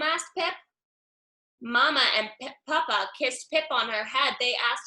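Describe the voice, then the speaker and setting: A woman reading a children's picture book aloud, slow and expressive, with sound effects. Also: on the high side, creaky. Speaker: storybook reader. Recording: echoey room.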